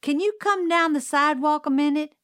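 A woman's voice: high-pitched, fairly quick, a bit bright, no room sound, studio quality, pitched above the performer's own voice. A woman reading aloud who voices an anxious, stubborn young boy in a storybook, pleading and insistent. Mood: urgent.

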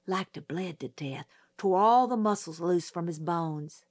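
Woman voicing a hushed old preacher. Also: a little slow, dry recording, clean studio sound. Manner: soft, low explaining.

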